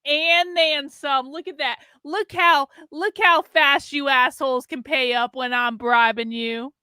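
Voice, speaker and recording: A woman's voice: high-pitched, steady tone, unhurried, bright, forceful tone, no echo, studio quality. A tipsy woman hosting a casual livestream, swearing and teasing her viewers, slipping into a mock Southern drawl. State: tipsy from drinking beer. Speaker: livestream host.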